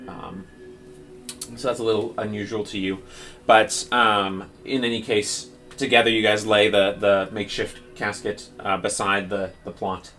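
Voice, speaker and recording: A man's voice: on the low side, level tone, a little slow, fairly bright tone. A man narrating a tabletop game as dungeon master, describing scenes in a rambling way with many fillers.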